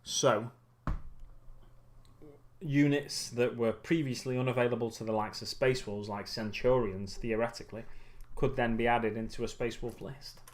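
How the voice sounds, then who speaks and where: A hobby livestream host with a plain mid-pitched voice works on miniature models and chats casually over a faint hiss or hum. His talk rambles and trails off, peppered with ums and corrections, and fatigue is creeping in.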